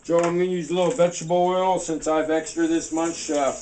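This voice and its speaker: A man's voice: on the high side, little pitch movement, brisk, darkish tone, slight background noise, poor audio. A man hosting a home cooking show, rambling casually to the camera as he cooks. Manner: loose, talks to camera with fillers like "man" and "right". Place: home kitchen.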